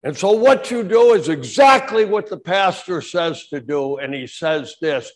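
Man, pastor, fervent sermon, unhurried delivery, sudden shouts. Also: fairly high pitch, lively intonation. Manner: fervent preaching that swings from quiet to shouting.

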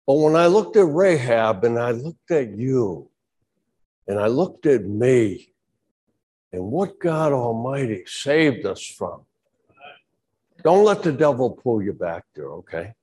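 Man, pastor, fervent sermon, unhurried delivery, sudden shouts. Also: medium pitch, very animated. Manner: fervent preaching that swings from quiet to shouting.

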